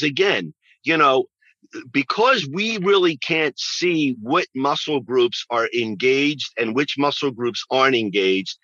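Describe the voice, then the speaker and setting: A man's voice: a little high, pushed and bright, dry recording, lo-fi sound. A man who works as a fitness trainer, answering interview questions in an emphatic way and repeating phrases for stress.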